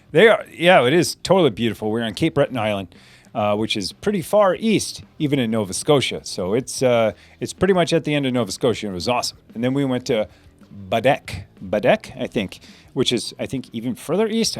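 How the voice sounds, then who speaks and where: With a medium-pitched voice and no echo, an American man answers viewer comments while hosting a live Q&A. His talk is loose and rambling, packed with restarts and fillers, and broken up by frequent laughs.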